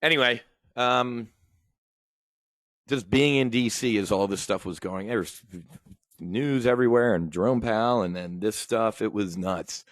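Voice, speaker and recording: Male host, low-pitched, dry recording; blunt, profane, fired-up talker addressing "folks.". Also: a little slow, no room sound. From United States. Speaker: podcast host. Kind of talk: casual political rant.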